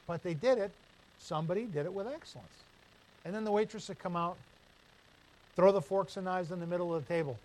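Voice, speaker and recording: A man's voice: high-pitched, a little fast, long pauses, poor audio. A male pastor preaching a sermon, telling stories and asking rhetorical questions. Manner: storytelling, animated, asks the room rhetorical questions.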